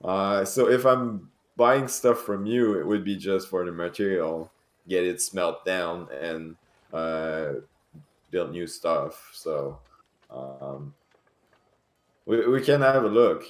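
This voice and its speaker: A man's voice: sits low, slow pace, roomy sound. A man narrating as game master in a tabletop role-playing game, talking hesitantly with many fillers and restarts. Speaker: dungeon master.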